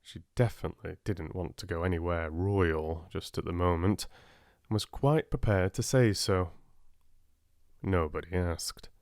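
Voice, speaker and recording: A man calmly narrating a relaxing audiobook for sleep, close to the mic. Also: low voice, measured pace, dry recording.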